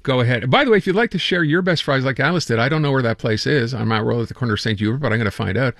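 A man hosting a radio show in casual chat, quick and full of fillers. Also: mid-range voice, a bit bright, no echo, clean studio sound. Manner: quick, chatty, with many fillers. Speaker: radio host.

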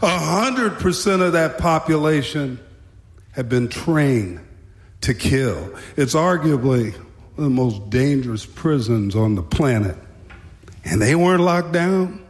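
A man's voice: mid-range voice, lively intonation, measured pace. A man telling a wry, dramatic story about his time as a prison guard. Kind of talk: storytelling talk. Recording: echoey hall.

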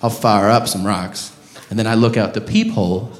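A man voicing an older male driver who casually brags about hard drug use, in a lowered, slow drawl. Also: fairly even intonation, roomy sound, natural voice. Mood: laid-back boasting.

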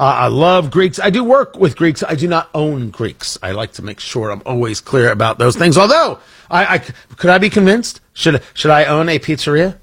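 A man hosts a morning talk radio show and talks loosely about an upcoming event, interrupting himself and cracking jokes as he goes. His voice sits a little high and has a husky edge. The studio sound is close and dry. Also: fairly bright tone, no room sound. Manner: rambling, self-interrupting, jokey.

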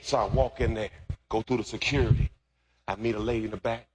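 A man preaching a sermon as pastor, shifting from easy storytelling into loud, shouted preaching. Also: on the low side, fairly even intonation, quick pace, noisy background.

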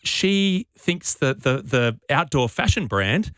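A man's voice: medium pitch, slow pace, no room sound. A man co-hosting drive-time radio, his voice swinging widely and full of life as he mocks himself. The studio sound is dry and close, with no room around him. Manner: animated, self-mocking. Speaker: radio co-host. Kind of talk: casual radio banter. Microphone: studio mic.

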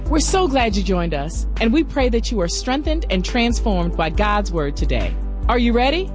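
A woman's voice: a little high, big pitch swings, moderate pace. A woman reading a scripted radio program introduction in a welcoming announcer voice. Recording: music bed under voice.

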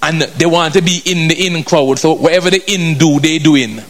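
Brief: male preacher, slightly high voice, emphatic and repetitive, keeps asking the congregation "Hello?". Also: normal speed, fairly bright tone. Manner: emphatic, repeats phrases, asks the congregation "Hello?"; drifts in and out of a colloquial vernacular. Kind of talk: sermon.

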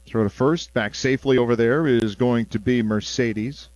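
A man's voice: mid-range voice, moderate pace, no room sound. Chatty baseball play-by-play man. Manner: chatty, relaxed asides between plays. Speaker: play-by-play announcer. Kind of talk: baseball radio commentary.

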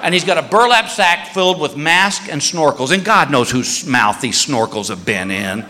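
A man's voice: a little high, animated, normal speed, bright, forceful tone. A man telling a story in a stand-up routine, acting out the voices of the people in it. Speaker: stand-up comedian. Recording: live show in a reverberant hall.

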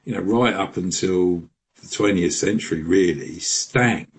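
A man answering callers as a radio guest, chatty, with lots of restarts and quick laughs. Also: low voice, slightly rough. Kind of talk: radio interview.

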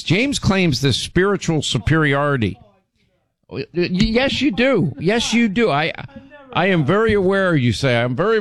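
A man hosting a radio show, telling stories in casual chat, his voice jumping up in pitch when he gets indignant. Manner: animated storytelling, pitch jumps when indignant.

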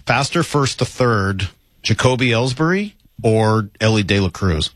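A man hosting a sports radio show, talking in a chatty, animated, conversational way. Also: fairly low pitch, measured pace, dry recording.

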